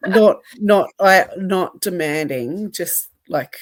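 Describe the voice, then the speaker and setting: A middle-aged woman co-hosting a casual podcast, speaking in a low, unhurried voice. She talks in a reflective, measured way and laughs softly now and then. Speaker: podcast co-host.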